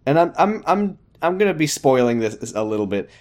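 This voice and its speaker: A man's voice: a little high, sing-song, fairly quick, darkish tone. A man co-hosting a podcast, chatting casually about a show, often restarting his sentences and chuckling. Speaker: podcast co-host. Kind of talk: casual recap chat.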